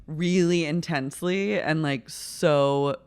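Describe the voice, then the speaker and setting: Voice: medium pitch, slow, clean tone, dry recording, studio quality. Sardonic, swearing podcast co-host. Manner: sardonic, profane, riffing. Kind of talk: casual recap chat.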